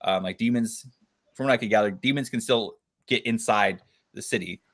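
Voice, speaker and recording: A man's voice: on the low side, moderate pace, a bit bright. A man hosting a casual book club discussion over a video call, chatty, full of fillers and laughing often.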